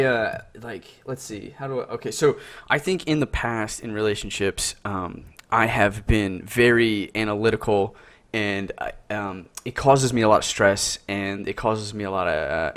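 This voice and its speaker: A man's voice: fairly low pitch, a bit bright. A man co-hosting a podcast over a voice call, talking reflectively and searching for words. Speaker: podcast co-host. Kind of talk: casual chat over a call.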